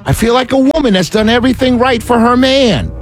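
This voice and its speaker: High-voiced animated male radio host. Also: brisk, soft background music. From New York City. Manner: animated, exasperated, rhetorical. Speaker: radio talk show host. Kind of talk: talk radio monologue.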